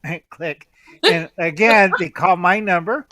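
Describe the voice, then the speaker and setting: A man's voice: sits high, a little slow, bright, forceful tone, no room sound. A man telling a playful, joking story in a casual chat.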